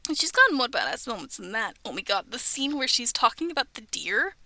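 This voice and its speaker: Giggly high-voiced young woman streamer. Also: very animated, brisk, hardly any pauses, sharp tone, no room sound. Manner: rambling, giggly, drops into whispers. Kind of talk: casual chat on a livestream. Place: bedroom.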